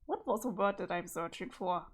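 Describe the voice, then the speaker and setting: This is a woman with a mid-range voice at a moderate pace, a streamer whose first language is German. She reads a web comic aloud and chats along casually, now and then searching for words.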